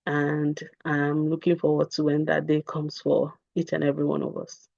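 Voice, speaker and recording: A woman's voice: deep voice, monotone, moderate pace, gravelly, warm tone, dry recording, dull audio. A woman giving a parenting talk on a video call, earnest and repetitive, with many fillers. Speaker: parenting coach. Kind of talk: live online talk with Q&A.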